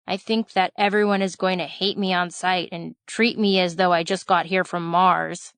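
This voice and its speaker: A woman's voice: on the low side, flat delivery, moderate pace, a bit bright, smooth, dry recording. A woman reading a nervous tall boy. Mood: worried. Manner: blurting out worries, then exclaiming. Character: shy boy, tall, worried, speaks little.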